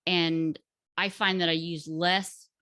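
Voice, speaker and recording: Woman, casual recipe chat, hesitant fillers, low voice, unhurried. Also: flat delivery, bright, forceful tone, smooth, dry recording, clean studio sound. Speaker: guest cook sharing a recipe.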